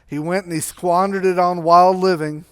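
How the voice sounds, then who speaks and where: A man's voice: high-pitched, fairly even intonation, normal speed, fairly bright tone, clean tone. A man preaching a sermon, telling a story in a conversational way and acting out its characters. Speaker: pastor.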